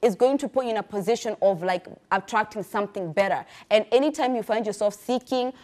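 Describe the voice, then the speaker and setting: Woman co-host from Kenya, mid-pitched, earnest, emphatic, advice-giving, casual panel chat. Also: fairly quick, darkish tone.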